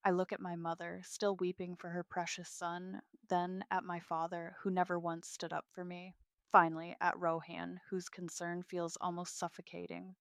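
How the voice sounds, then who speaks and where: A woman's voice: fairly low pitch, little pitch movement, normal speed, gravelly, smooth, no echo, studio quality. A woman narrating a family drama story in the first person, in a cool, clipped manner.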